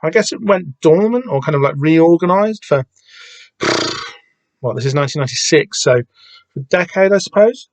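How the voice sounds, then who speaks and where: A man's voice: on the high side, expressive, normal speed, long pauses, no echo. Hesitant man with a dry voice. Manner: hesitant, lots of restarts and casual swearing. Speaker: podcast host discussing a comic. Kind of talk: casual rambling commentary.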